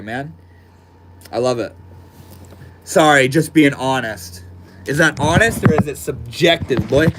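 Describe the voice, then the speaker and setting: A man live streaming from his desk at home, chatting casually and reading out viewer comments in a laid-back, slangy way. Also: medium pitch. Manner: laid-back and slangy, calls people bro and dude.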